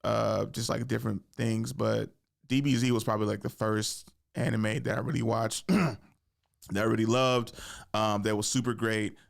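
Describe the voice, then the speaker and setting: Gravelly animated man hosting a podcast. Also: lowish voice, moderate pace. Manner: animated, profane, laughs often. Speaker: podcast host. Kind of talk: casual chat.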